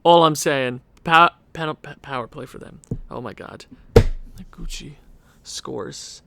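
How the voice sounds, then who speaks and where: A young man talks over his own gameplay in an unhurried way that keeps boiling over into exasperated rants. His voice is bright and forceful, and the recording is close and dry with no room sound. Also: medium pitch, creaky, no echo. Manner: exasperated, ranting at the game with sighs and laughs. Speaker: gaming video creator. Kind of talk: casual gameplay commentary.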